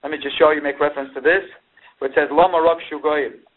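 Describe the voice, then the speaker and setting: A man teaching a Torah class, slowly translating phrases he has just read and rising in pitch when the story turns emotional. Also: level tone. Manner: mixes Hebrew and Yiddish terms into English, reads and translates phrases slowly; rises in pitch with emotion when recounting events. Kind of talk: Torah class explaining a lament text. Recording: tinny phone-line recording.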